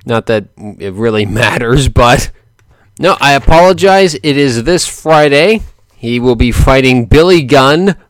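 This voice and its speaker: A man's voice: medium pitch, animated, unhurried, no echo, studio quality. A man giving casual boxing commentary in a rambling, joking way, often correcting himself and laughing.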